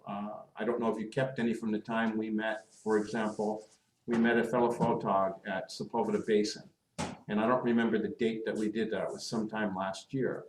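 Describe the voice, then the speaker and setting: A man hosting a club video call, talking at length and explaining his points with examples. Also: fairly low pitch. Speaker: meeting host. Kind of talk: casual Zoom meeting chat. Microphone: computer mic on a video call. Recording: echoey room on a video call.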